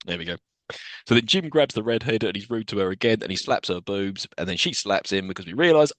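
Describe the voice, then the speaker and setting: A man's voice: fairly low pitch, animated, fast talker, a bit bright, no room sound. A man co-hosting a podcast, recapping a film's plot with sarcastic asides, swearing and frequent laughter. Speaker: podcast co-host. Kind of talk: casual film-recap chat.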